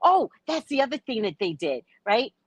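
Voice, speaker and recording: Brief: woman vlogger, high and husky voice, swooping wildly in pitch, blunt and exclamatory. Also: normal speed, dry recording. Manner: animated and exclamatory, laughing often between remarks; blunt and profane, asides to the viewer. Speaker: psychic reader and spiritual adviser. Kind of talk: casual opinion rant to camera.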